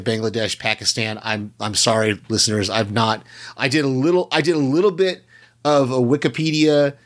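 An American man talks through a show he has just watched, loose and rambling, often restarting his sentences. His voice sits at an ordinary middle pitch. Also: fairly bright tone. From United States. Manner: rambling, with many restarts and hedges. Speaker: podcast co-host. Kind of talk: casual chat reviewing a show.

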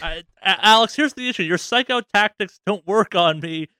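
A man co-hosts a podcast with wry, teasing remarks. His voice is bright and crisp, a little higher than most men's, and recorded dry and close. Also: moderate pace, dry recording. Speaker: podcast co-host. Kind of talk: casual podcast chat.

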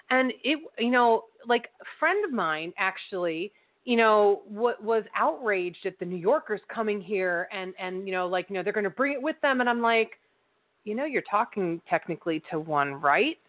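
A woman's voice: mid-range voice, expressive, moderate pace. Chatty woman on a tinny line. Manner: chatty, swears freely, many fillers and restarts. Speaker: co-host. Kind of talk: casual political chat. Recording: phone-like narrow sound.

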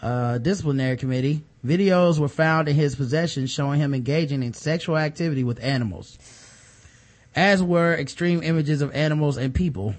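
A man's voice: a little high, a little fast. Sarcastic man hosting a podcast. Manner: sarcastic, deadpan joking. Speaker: podcast co-host. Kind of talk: casual comedic news commentary.

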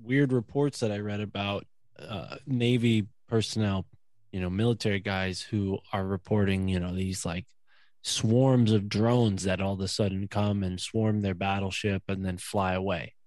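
This is a man with a fairly low voice, talking loosely as a podcast co-host. He rambles through his thoughts, packing in "like" and "you know." The sound is dry and close, with no room around him. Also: steady tone, moderate pace, darkish tone, no room sound. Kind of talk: casual podcast chat.

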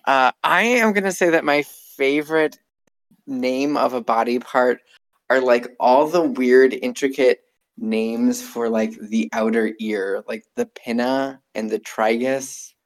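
A man's voice: mid-range voice, slow. A man who works as an emergency physician assistant, chatting easily on a podcast and trailing off at times. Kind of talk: casual podcast chat.

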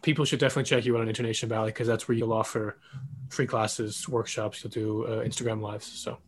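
A man hosting a podcast, relaxed and chatty, giving easy affirmations while his guest talks. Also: fairly low pitch, fast, a little hiss or hum. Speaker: podcast host. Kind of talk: casual conversational interview.

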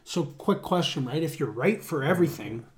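High-voiced man joking on a podcast. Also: lively intonation, normal speed. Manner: swearing, joking, laughs often. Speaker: podcast host. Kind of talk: casual podcast banter.

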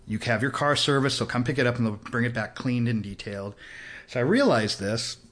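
A man's voice: medium pitch, lively intonation, fairly quick, fairly bright tone. A man in his sixties from Los Angeles, a podcast guest telling stories casually, acting out the voices of people in his anecdotes. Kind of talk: casual storytelling. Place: host's house.

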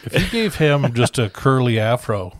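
A man co-hosting a casual movie-review podcast, wry and deadpan, acting out silly little bits. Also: medium pitch, normal speed, no room sound. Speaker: podcast co-host.

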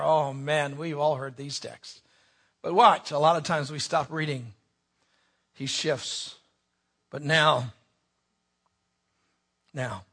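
A man preaching a sermon, reading scripture dramatically, swinging from hushed asides to shouted pleas. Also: fairly high pitch, fairly even intonation, slow pace, gravelly, pauses often.

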